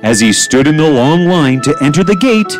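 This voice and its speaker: A man narrating a children's story in a gentle storytelling manner, with faint music behind him. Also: fairly high pitch, sing-song, normal speed.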